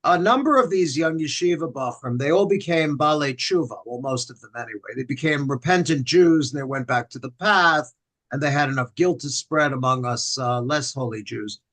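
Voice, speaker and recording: A man's voice: medium pitch, animated, moderate pace, fairly bright tone. An older man, a rabbi leading a livestreamed Friday night service, telling self-deprecating jokes and leading the congregation in call-and-response singing. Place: synagogue sanctuary.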